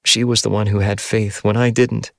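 A man reading a first-person novel aloud in a measured, somber audiobook narration. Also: lowish voice, little pitch movement, creaky, dry recording, clean studio sound.

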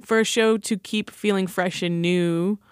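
A woman's voice: medium pitch, steady tone, unhurried, smooth, no echo, clean studio sound. A woman interviewer asking questions and affirming her guest's answers. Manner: engaged, affirming.

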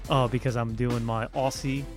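A man's voice: mid-range voice, flat delivery, moderate pace, soft background music. A man hosting a podcast in casual, playful banter with his co-host.

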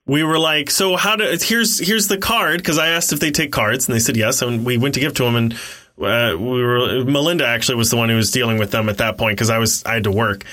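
A man co-hosting a podcast, telling animated stories and laughing often, and saying he is exhausted. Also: mid-range voice, brisk. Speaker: podcast co-host. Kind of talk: casual storytelling.

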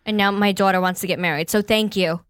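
A woman's voice: mid-range voice, steady tone, fast, fairly bright tone, clear, resonant tone, no room sound, clean studio sound. A woman in her thirties co-hosting a podcast, chatting in a bubbly, blunt way and swearing freely. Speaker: podcast co-host. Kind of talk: casual chat.

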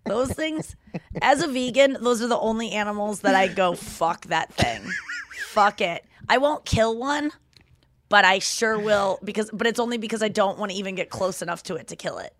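A woman co-hosting a casual comedy podcast, telling profane, lively stories with acted-out quotes. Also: mid-range voice, moderate pace, dry recording, clean studio sound. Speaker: podcast co-host; stand-up comedian.

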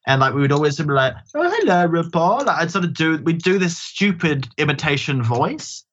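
A man who performs in drag, chatting as an interview guest in an animated, self-deprecating way. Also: on the high side, fairly quick, dull audio. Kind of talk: casual interview chat.

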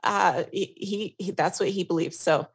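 Chatty woman podcast guest, lowish voice. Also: fairly even intonation, moderate pace, breathy edge. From New York. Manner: chatty storyteller, laughs easily. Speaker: guest, consultant. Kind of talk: casual podcast chat.

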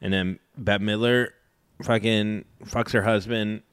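A man's voice: fairly low pitch, steady tone, a little slow, background noise. A man co-hosting a podcast, a comedian telling rambling, crude stories in casual chat.

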